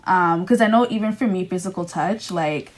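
A woman's voice: on the low side, normal speed. A young woman co-hosting a podcast, chatting candidly in a reflective, hesitant way with many fillers. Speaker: podcast co-host. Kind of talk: candid casual chat.

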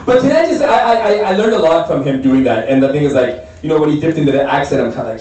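High animated man, echoey and distant. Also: moderate pace. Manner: animated, laughing, jokey. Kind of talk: casual raunchy banter. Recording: echoey room, distant mic, background noise.

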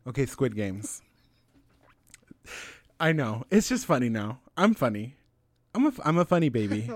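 A man's voice: medium pitch, very animated, normal speed, dry recording. Giddy, hyper podcast guy in his late twenties. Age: 20s. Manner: giddy, hyper and joking, swearing a lot. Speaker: podcast co-host. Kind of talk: casual podcast chat.

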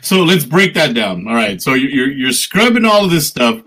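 A man's voice: mid-range voice, big pitch swings, normal speed, sharp tone, poor audio. A man hosting a casual talk show, asking long rambling questions and laughing often. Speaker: podcast host. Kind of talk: casual interview chat.

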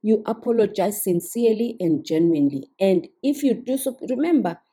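Dark, husky-voiced woman giving earnest advice. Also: medium pitch, expressive, moderate pace. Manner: earnest, instructive, often checks in with the listener. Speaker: podcast host. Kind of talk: casual advice monologue.

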